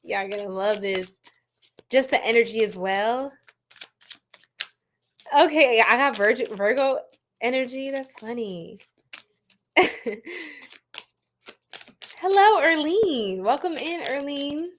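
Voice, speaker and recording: A woman's voice: a little high, expressive, takes it slowly, long pauses, slight background noise. Playful, laughing woman tarot reader. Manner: laughing a lot, playful, chatty. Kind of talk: live-stream chat with viewers.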